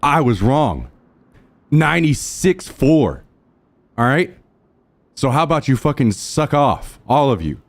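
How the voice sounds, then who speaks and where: A man's voice: very animated, takes it slowly, pauses often. A man streaming live, trash-talking his chat in a brash, profane way. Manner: thanks subscribers in a lowered, softer voice.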